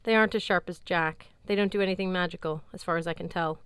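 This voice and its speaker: A woman's voice: fairly low pitch, steady tone, fast talker, fairly bright tone, clean tone, no echo, lightly acted. Woman voicing a sardonic, fierce young swordswoman. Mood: bitter. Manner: sardonic, clipped and brusque. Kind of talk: audiobook character voice.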